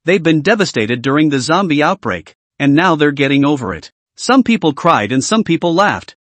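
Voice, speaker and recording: A man reading out a story recap as narrator, with an animated, lively reading. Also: on the high side, moderate pace, no room sound.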